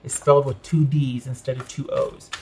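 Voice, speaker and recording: A man's voice: medium pitch, level tone, moderate pace, slight background noise. A man giving a casual tarot reading, thinking aloud as he turns cards and correcting himself as he goes. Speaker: tarot reader.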